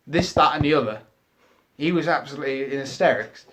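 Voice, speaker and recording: A man's voice: fairly high pitch, fairly quick, a bit bright. A teenage man with a Northern English accent co-hosting a casual podcast, telling jokey stories and laughing often. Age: teens. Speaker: podcast co-host. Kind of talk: casual chat.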